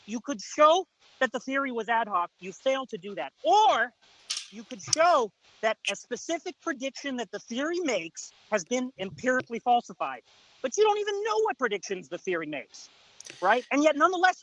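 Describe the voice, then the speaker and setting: A man's voice: extremely high pitch, sing-song, moderate pace, a bit bright, no room sound, rough recording. A man in a heated debate on a video call, talking insistently and repetitively, interrupting to lecture his opponent.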